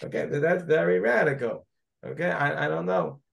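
A man's voice: on the high side, moderate pace, gravelly, dull audio. A man, a rabbi, teaching a Talmud class, thinking aloud as he searches through the text and digresses.

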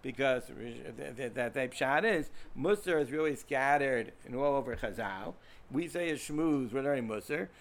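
This Torah teacher, an American man, has a gravelly, medium-pitched voice with lively intonation and a moderate pace. His informal lesson rambles, with repeated words and questions thrown to the students.

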